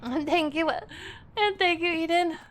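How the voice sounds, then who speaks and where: High-voiced playful woman streamer, chatty, greets viewers, sudden squeals. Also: slow pace. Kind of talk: casual livestream chat.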